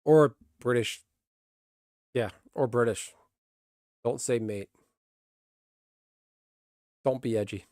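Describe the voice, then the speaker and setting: A man's voice: mid-range voice, slow, long pauses, a little mellow, dry recording, clean studio sound. A male streamer in casual live-stream chat, blunt and grumbling, swearing freely.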